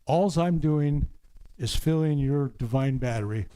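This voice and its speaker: A man's voice: on the high side, normal speed, poor audio. Older man rambling through healing stories. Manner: rambling storyteller, stumbling restarts, drops to a hushed murmur for healing prompts. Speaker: faith healer reverend. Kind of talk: healing service with anecdotes. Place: church healing service.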